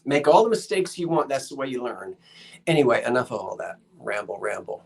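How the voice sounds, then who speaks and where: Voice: mid-range voice, fairly quick, gravelly. Rambling chatty live-sale host. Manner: rambling, chatty, self-deprecating asides; reads viewer comments and runs countdowns. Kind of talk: casual live-stream selling chat. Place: shop, indoors.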